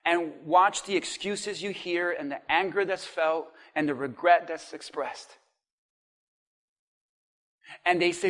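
A male pastor preaching a sermon, acting out the cries of people with sudden shouts. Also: on the high side, slow pace, pauses often. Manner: dramatic, acts out voices of people in hell.

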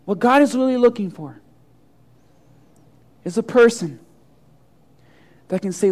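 A pastor delivers a sermon in a strikingly high voice. He tells his story with vivid voices for each part. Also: expressive, measured pace, long pauses, a little mellow. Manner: storytelling preacher, acting out voices.

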